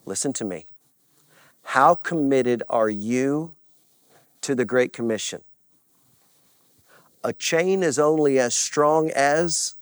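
A man's voice: expressive, slow, pauses often, no room sound. A man preaching a sermon in a church, leading the congregation in call-and-response and repeating key lines for emphasis. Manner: swings from loud and high to low and quiet, repeats lines for emphasis. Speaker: pastor. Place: church sanctuary.

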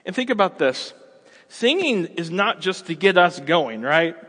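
Pastor guy in his 30s, kinda high voice, chatty lively sermon, long echo in the church. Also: measured pace, slightly rough. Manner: conversational, animated, acts out everyday scenes.

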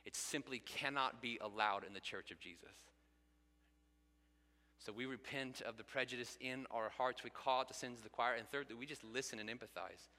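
A man's voice: medium pitch, moderate pace, sharp tone. A man in his thirties, a pastor preaching an earnest sermon that builds to emphatic peaks. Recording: long hall reverb.

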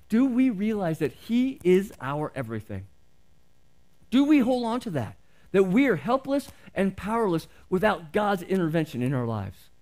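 A man's voice: fairly high pitch, a little mellow. Earnest man preaching a sermon. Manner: earnest, conversational preaching with rhetorical questions. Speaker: pastor.

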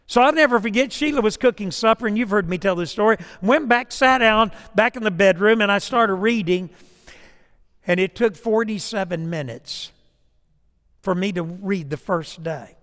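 A man preaching a sermon as pastor, with a slow, emphatic cadence that drops to a soft storytelling voice. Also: high voice. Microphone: lapel or stage mic. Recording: long reverb in a church hall, crackling mic.

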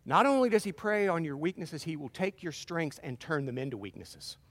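A middle-aged man preaching a sermon, earnest and animated, with self-deprecating asides. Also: high voice. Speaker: pastor. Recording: long hall reverb.

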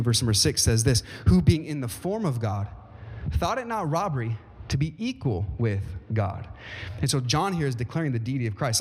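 A man preaching a sermon as pastor, speaking emphatically and often asking the congregation questions. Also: mid-range voice. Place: church sanctuary. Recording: long reverb of a church hall.

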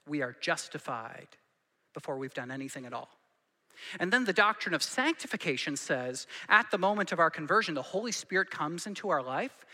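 Brief: male pastor preaching, ringing high voice, echo of a big sanctuary, repeats points for emphasis. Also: sharp tone. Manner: conversational preaching with rhetorical questions and emphatic repetition. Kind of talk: sermon.

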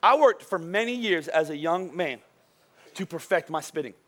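Man, pastor, sermon, high voice, worn-out voice, joking storyteller, goes quiet for serious parts. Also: lively intonation, slight background noise. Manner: joking, storytelling delivery that drops soft and slow for serious points. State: voice wearing out from a long day of preaching.

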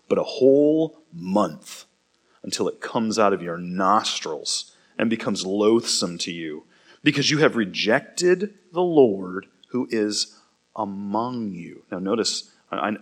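A man teaching a Bible passage, reading the verses aloud with dramatic emphasis and breaking off for casual, chatty explanations with the odd slip. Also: medium pitch. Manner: reads dramatically, voicing the speakers with rising emphasis; casual asides with fillers and small slips. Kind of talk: scripture reading with casual commentary.

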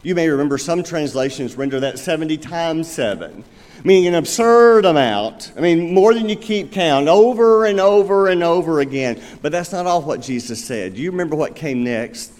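In a church sanctuary, a pastor preaches an earnest sermon, putting rhetorical questions to his listeners. His voice is on the high side and darkish, with lively intonation at a normal speed, and the recording carries the long reverb of a large hall.

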